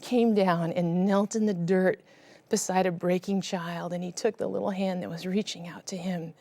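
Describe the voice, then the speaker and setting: A middle-aged woman giving an earnest, emotional personal testimony, her voice sinking to a hushed whisper at the painful moments. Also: on the low side, fairly even intonation, moderate pace, no room sound. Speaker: guest sharing her testimony.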